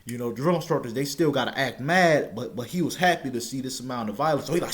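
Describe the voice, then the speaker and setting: A young man casually telling a personal story, stammering now and then and shouting out the lines he quotes. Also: mid-range voice, a little fast.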